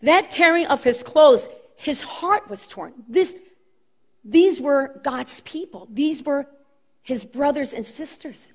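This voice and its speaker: A woman's voice: high-pitched, animated, slow pace. A woman preaching a sermon with impassioned emphasis, repeating key phrases as her voice rises and falls.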